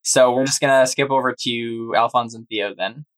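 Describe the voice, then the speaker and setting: Man, game master, casual stumbling narration, mid-pitched voice. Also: steady tone, moderate pace, a bit bright, low-quality recording.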